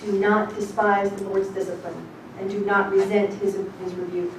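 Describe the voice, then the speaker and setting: A woman teaching a congregation as rebbetzin. She gives an informal sermon, reading scripture slowly and then talking bluntly and casually. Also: medium pitch, flat delivery. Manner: emphatic and blunt, shifting between slow scripture reading and quick casual talk. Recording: echoey room, distant mic, noisy.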